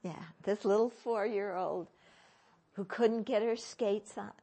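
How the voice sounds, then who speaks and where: A woman teaching as a Buddhist teacher in a dharma talk, questioning her listeners with gentle humor. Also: mid-range voice, noisy background.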